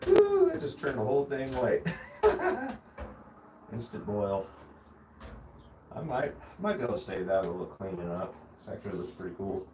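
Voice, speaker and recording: A man livestreams from his phone while casting metal in a hot workshop, chatting casually and directly to viewers as he works. His medium-pitched voice swings hugely in pitch at normal speed, with frequent pauses and background noise.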